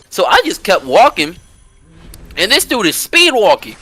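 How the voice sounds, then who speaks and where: A man telling a long personal story in casual podcast chat, animated and profane and full of slang. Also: high voice, normal speed, husky.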